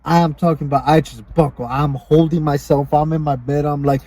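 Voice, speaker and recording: A man's voice: on the high side, level tone, a little fast, hardly any pauses, warm tone, a little hiss or hum. A man co-hosting a podcast, telling rambling stories in loose casual chat, swearing often. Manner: loose, rambling storytelling with frequent swearing and laughs. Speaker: podcast co-host.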